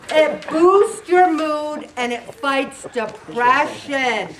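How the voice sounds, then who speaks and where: A middle-aged woman giving a casual motivational talk to a faith group, animated and laughing often as she tells stories. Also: high-pitched, extremely slow, recorded from a distance, some chatter behind, a little hiss or hum.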